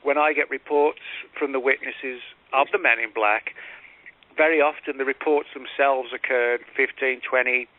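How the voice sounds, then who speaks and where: A man, a guest author on a call-in radio interview, explains at length in a measured way with frequent fillers and restarts. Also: medium pitch, steady tone, dry recording. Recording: tinny phone-line audio, dry.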